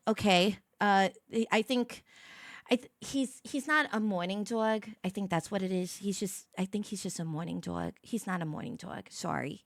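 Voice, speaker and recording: A woman's voice: medium pitch, a bit bright, no room sound, clean studio sound. A woman hosting a casual morning livestream, rambling and giggling as she chats with viewers and her dog. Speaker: livestream host.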